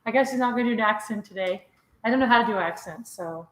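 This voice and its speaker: In her home vlog, a middle-aged woman laughs often as she chats casually and live with her viewers indoors. She talks at a quick pace in a fairly high, slightly bright voice, and the room gives the audio an echo.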